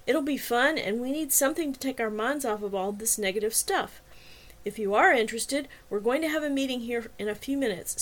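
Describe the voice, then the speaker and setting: A woman's voice: fairly high pitch, close to an everyday voice. Woman putting on a bubbly, gushing college girl. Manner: eager, breathless and gushing. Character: bubbly young woman dorm organizer, chatty.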